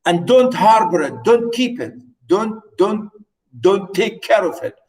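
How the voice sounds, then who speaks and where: Slow, hesitant male lecturer. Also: high voice, animated, a little mellow, far from the mic, rough recording. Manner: hesitant, many fillers, repeats and rewords phrases. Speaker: literature teacher. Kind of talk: explaining a play in a lecture.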